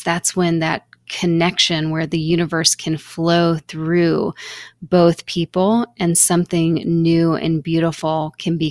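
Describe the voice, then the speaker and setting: Woman host, low pitch, very slow, soft and affirming, dry close sound. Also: dry recording. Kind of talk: reflective interview questions.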